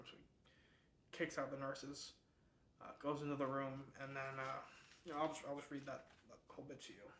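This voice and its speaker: A man's voice: mid-range voice, monotone, moderate pace, a bit bright, slight background noise. A man hosting a book club, retelling a novel's plot in a casual, chatty way, full of fillers and restarts. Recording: echoey room.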